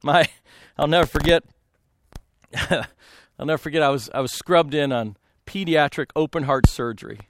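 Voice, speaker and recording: A man speaking as a pastor in a storytelling talk, animated, laughing often and acting out the voices of people in his stories. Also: a little high, moderate pace, long pauses, noisy background.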